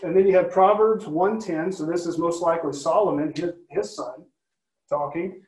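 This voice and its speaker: A man's voice: a little high, normal speed, a little mellow. A man leading a Bible study, teaching conversationally and often checking in with listeners by asking questions. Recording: roomy, from a distance.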